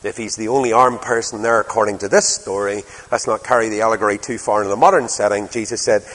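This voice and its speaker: A man's voice: lowish voice, steady tone, quick pace, a bit bright. Older guy preaching, chatty storyteller, lots of rhetorical questions, long echo of a big hall. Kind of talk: sermon.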